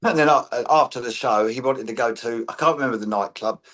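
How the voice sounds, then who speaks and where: A man's voice: mid-range voice, brisk, fairly bright tone. A man reminiscing in casual chat, a blunt storyteller who swears casually. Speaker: guest, friend of the late medium.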